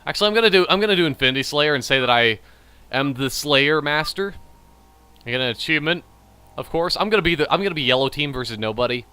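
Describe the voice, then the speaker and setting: A man's voice: on the high side, lively intonation, fast talker, sharp tone, clean tone. A man hosting a gaming channel, rambling and joking about beer while he plays. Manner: rambling, jokey, self-mocking; frequent trailing restarts. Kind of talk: casual gameplay commentary while drinking beer.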